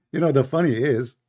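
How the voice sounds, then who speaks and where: Gravelly, blunt man hosting a call-in debate. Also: mid-range voice, a little mellow. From Middle East. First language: Arabic. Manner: blunt, mocking, repeats himself. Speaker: debate show host.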